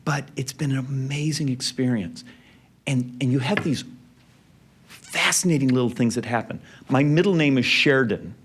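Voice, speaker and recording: A middle-aged man giving a speech, telling a personal family story in an anecdotal way and dropping quiet and soft in the emotional parts. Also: mid-range voice, normal speed, slight background noise. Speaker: speaker. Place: event venue.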